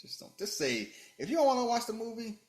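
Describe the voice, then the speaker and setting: Lively man in a roomy space. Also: fast talker. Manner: animated, joking, swings between loud bursts and low muttering. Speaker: podcast host. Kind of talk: casual movie chat. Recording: roomy echo.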